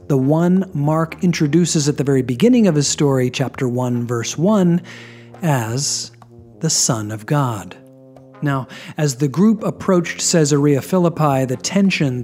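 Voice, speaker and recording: A man giving a scripted Bible teaching, with dramatic pauses and emphatic drops in his voice. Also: on the high side, a little mellow.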